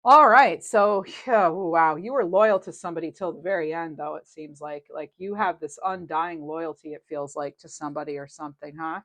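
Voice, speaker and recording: A woman giving a casual tarot reading to camera. She is chatty, gentle and sympathetic, thinks aloud and often laughs. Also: low-pitched, normal speed, hardly any pauses, no room sound. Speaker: tarot reader.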